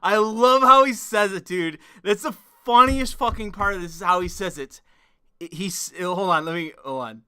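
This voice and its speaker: A man's voice: high voice, moderate pace, bright, forceful tone, clean tone, dry recording. A young man hosting a casual stream, reacting to a clip with laughing, profane disbelief.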